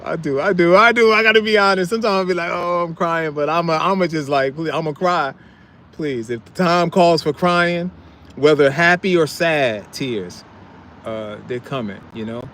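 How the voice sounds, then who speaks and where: Middle-aged guy live streaming outside, kinda high voice, chatty, laughs a lot, faint street noise behind him. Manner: chatty, laughs, trails off into low mumbles. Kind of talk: casual live chat reading viewer comments.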